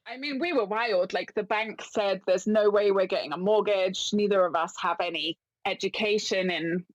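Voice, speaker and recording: A woman from London, a guest on a podcast, telling a story in a casual, animated way, often laughing and acting out dialogue. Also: mid-range voice, no echo, dull audio. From London, England. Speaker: podcast guest, business owner.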